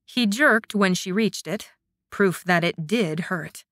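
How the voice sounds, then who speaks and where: A woman narrating an audiobook in a measured, scripted reading. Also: mid-range voice, fairly bright tone, no room sound, studio quality.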